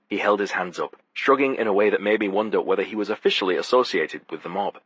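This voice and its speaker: With a wry, sardonic edge, a man narrates a first-person audiobook in a low voice with a husky grain. He moves quickly with few pauses and a fairly bright tone, recorded dry and close with no room sound.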